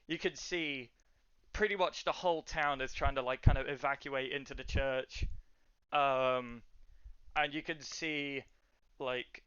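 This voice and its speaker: A man narrates a tabletop game as game master, loosely and with many fillers. His voice is bright and smooth. The mic is dull and lo-fi, with a dry sound. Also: mid-range voice, no room sound.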